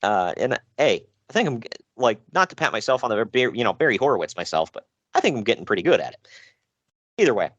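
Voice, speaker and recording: In a sing-song, mid-range voice, a man talks quickly through wrestling news on his casual podcast, full of jokes and laughs at his own expense. The sound is a bit bright but dull overall, with no room sound.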